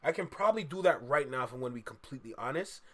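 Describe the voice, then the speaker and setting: A man's voice: medium pitch, expressive, racing, pushed and bright. A man from Toronto hosting his reaction stream, chatty and casual, always calling the audience "bruh" and "y'all.". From Toronto, Canada.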